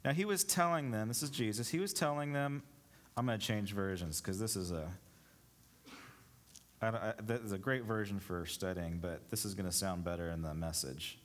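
A man preaching a sermon, easygoing in his asides and slow and deliberate when he reads scripture. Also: fairly low pitch. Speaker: pastor.

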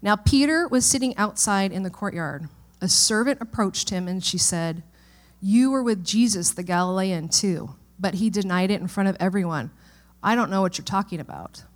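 A woman's voice: mid-range voice, animated, normal speed. A woman pastor giving a casual, conversational sermon and Bible study, often checking in with listeners. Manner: chatty, informal, frequent "okay?" checks with listeners.

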